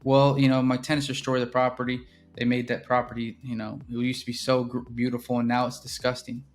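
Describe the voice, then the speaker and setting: A man's voice: mid-range voice, completely flat delivery, fairly quick, soft background music, lightly acted. A man playing an exasperated home seller. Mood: complaining. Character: frustrated male home seller, complaining.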